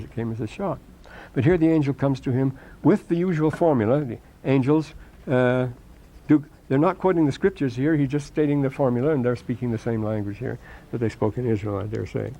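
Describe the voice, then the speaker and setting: A man's voice: mid-range voice, dark tone, poor audio. An older man giving a rambling classroom lecture, with many restarts and asides.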